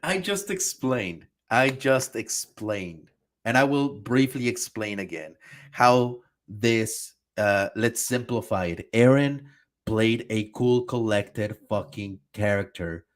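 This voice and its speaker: A man streaming a reaction, talking back at a video in a heated, profane, exasperated rant. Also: mid-range voice.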